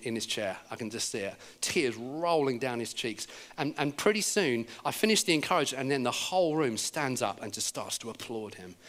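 A man with an English accent preaching a sermon in a church, telling stories in an animated way and acting out the words of the people in them. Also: mid-range voice. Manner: animated storytelling, acting out quoted speech. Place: church service.

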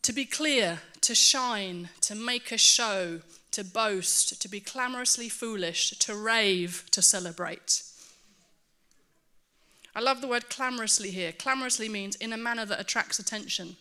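Bright-voiced woman preaching a sermon. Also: medium pitch, measured pace. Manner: earnest, animated, self-mocking asides.

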